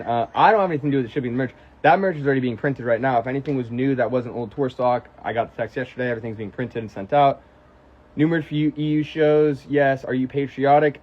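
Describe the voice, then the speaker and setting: A young American man on a casual livestream, reading out fan questions and telling stories in a profane, animated way. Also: medium pitch, fairly quick, lo-fi sound. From United States. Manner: profane, animated storytelling, answering chat questions. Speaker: musician on a livestream.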